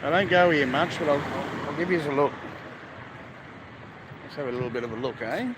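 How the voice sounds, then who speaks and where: A man's voice: a little high, a little fast. A man from Australia with an Australian accent, live-streaming casually as he walks outdoors. He talks bluntly and swears a lot. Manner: blunt, crude, swears heavily. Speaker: travel vlogger. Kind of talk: casual live-stream chat while walking. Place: busy street outdoors, by the beach. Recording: loud street and traffic noise. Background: traffic and street ambience.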